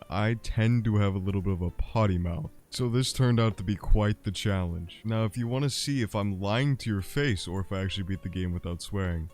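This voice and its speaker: A young man giving crude, joking commentary over his own gameplay, brash and prone to excited outbursts. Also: on the low side. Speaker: gaming YouTuber.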